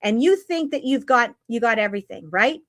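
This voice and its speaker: A woman's voice: fairly high pitch, lively intonation. A woman hosting a live-stream spiritual talk, earnest, repeating phrases and checking in with "right?" and "okay?". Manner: reads slow guidance lines, then talks freely.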